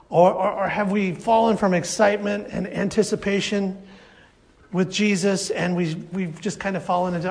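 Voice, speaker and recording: A man preaching a sermon at a church service, lively and acting out the voices of his congregation. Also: high voice, normal speed, vocal fry. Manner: animated, acts out congregation voices. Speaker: pastor.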